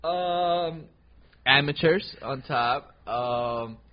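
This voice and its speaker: A man's voice: a little high, very slow. A man who is a guest on a casual podcast, telling stories in slangy talk full of fillers. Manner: animated, slangy storytelling with many fillers. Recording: dull lo-fi sound.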